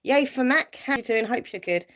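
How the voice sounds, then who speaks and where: A YouTuber is hosting a live stream, chatting casually as she reads viewer comments aloud and responds, rambling along with fillers and little laughs. Her voice is fairly high and fairly bright, with lively intonation at a moderate pace.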